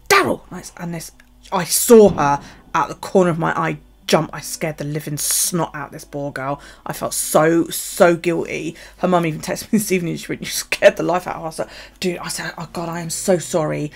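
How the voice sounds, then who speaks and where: A woman's voice: sits low, creaky, breathy edge. A middle-aged woman, a journaling vlogger, telling stories in a casual, chatty way and swearing freely. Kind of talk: casual chat.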